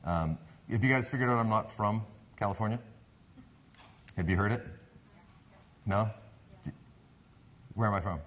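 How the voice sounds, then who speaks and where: A man's voice: lowish voice, a little slow, long pauses. A man with a Canadian accent, speaking to a live audience as a sales speaker, telling a story and asking the crowd questions. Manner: animated, engages the audience with questions.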